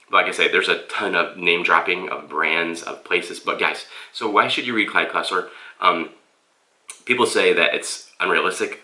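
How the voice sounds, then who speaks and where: A man's voice: low voice, pushed and bright, roomy sound. A man reviewing a book on camera in a loose, rambling way and often calling his viewers "guys.". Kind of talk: casual vlog book review. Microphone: camera mic.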